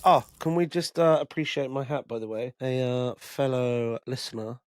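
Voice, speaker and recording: A man's voice: medium pitch, steady tone, normal speed, heavy background noise. A man co-hosting a podcast, chatting casually and bluntly, swearing freely. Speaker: podcast co-host. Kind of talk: casual chat.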